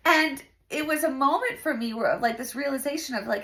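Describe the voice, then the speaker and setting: A woman's voice: sits high, lively intonation, moderate pace, few pauses, sharp tone. A woman in her thirties hosting a casual faith talk, chatty and earnest, with lots of fillers. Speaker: host.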